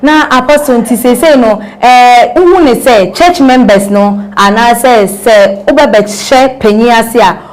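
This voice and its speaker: Woman host, higher-pitched, questions a guest in English mixed with Twi. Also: measured pace, rough recording. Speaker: interviewer. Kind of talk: interview.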